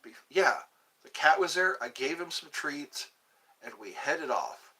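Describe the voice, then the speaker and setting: Animated, bright-voiced livestream host man. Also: a little high, unhurried, breathy edge. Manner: chatty, animated, stumbles and repeats words. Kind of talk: casual live-stream chat reading viewer comments.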